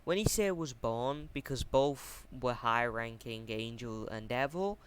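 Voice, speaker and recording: A young man rambles through a fan fiction plot at a slow pace, stopping often to correct himself. His pitch sits at an ordinary middle level. A room fan hums clearly behind him throughout. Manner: hesitant, full of ums and self-corrections. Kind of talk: casual unscripted plot explanation. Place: warm room at home. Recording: steady fan noise at home.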